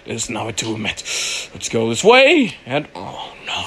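A man's voice: mid-range voice, wildly swooping pitch, a little slow, fairly bright tone, slight background noise. A young man giving let's play commentary on a horror game, panicky and pleading, repeating phrases over and over. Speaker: gamer playing a horror game.

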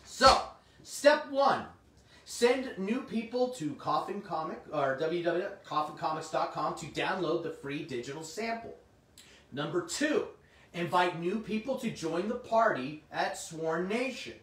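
A middle-aged man, slightly hoarse, hosting a comic shop livestream in casual, chatty talk and answering viewers' comments. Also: fairly high pitch, animated, unhurried, fairly bright tone. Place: indoor room. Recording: roomy, distant mic, faint noise.

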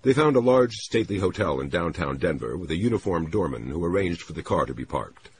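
Man, audiobook narrator, very deep voice, lively intonation, expressive reading. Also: brisk, slight background noise. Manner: expressive, voicing characters. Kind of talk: scripted narration.

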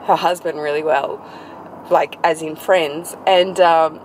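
A woman in her thirties chatting casually to camera as a vlogger, rambling with quick asides, filmed on a handheld phone inside a car. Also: deep voice, low-quality recording. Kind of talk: casual vlog chat to camera. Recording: steady background noise.

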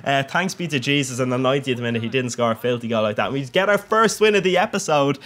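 Young guy, gaming commentary, loose and cheeky, laughs a lot, average pitch. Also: lively intonation, quick pace, a bit bright. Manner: chatty, jokey, crude, laughs often. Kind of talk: casual game commentary.

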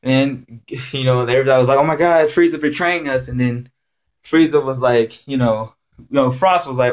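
Excitable rambling man ranting. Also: moderate pace, clean tone. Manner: excitable and rambling, repeats himself often; jumps high in pitch when excited. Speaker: anime reviewer. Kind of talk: casual rant video review.

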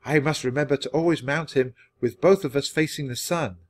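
A man's voice: on the high side, brisk, pitched above the performer's own voice, natural voice. A man voicing a proud, stern young prince in a storybook reading, speaking with a commanding tone. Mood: soft wondering.

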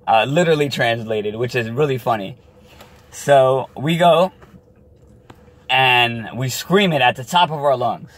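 Animated man telling a story. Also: mid-range voice, slow pace, pauses often. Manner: animated, laughs while telling. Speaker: vlogger. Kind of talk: casual storytelling.

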